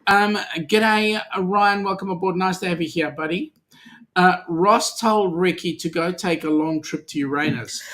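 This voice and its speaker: A middle-aged Australian man hosts a relaxed live-stream chat about cruising, his voice sitting a little higher than most men's. He greets viewers by name and teases them good-naturedly. His talk is loose, with frequent ums and uhs. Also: moderate pace. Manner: chatty, teasing, many ums and uhs. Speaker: co-host of a weekly cruising chat. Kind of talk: casual live-stream chat reading comments.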